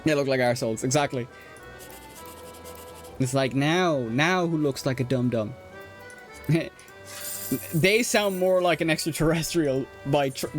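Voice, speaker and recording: A young man with an Irish accent chatting casually while streaming a game, rambling with lots of fillers, restarts and laughs. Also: mid-range voice. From Ireland. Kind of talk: casual chat while gaming.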